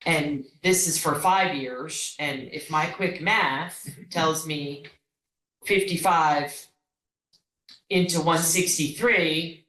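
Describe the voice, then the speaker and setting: Board member reading a motion in a roomy hall. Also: female voice, deep voice, slow, fairly bright tone. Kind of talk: reading a formal motion at a public meeting. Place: school board meeting room. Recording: roomy hall audio from a far mic.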